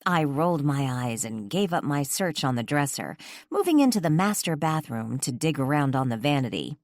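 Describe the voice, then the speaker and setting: Low-voiced woman reading a romance audiobook, lively intonation, dry close mic. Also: moderate pace, no room sound. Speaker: audiobook narrator. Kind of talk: first-person romance audiobook narration.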